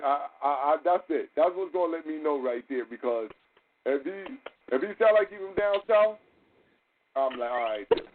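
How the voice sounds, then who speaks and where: A man hosting a podcast, telling stories in a loose, profane way and acting out other people's lines as he goes. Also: a little high. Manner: loose, profane storytelling with quoted dialogue. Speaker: podcast host. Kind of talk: casual podcast talk. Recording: tinny phone-like audio with faint hiss.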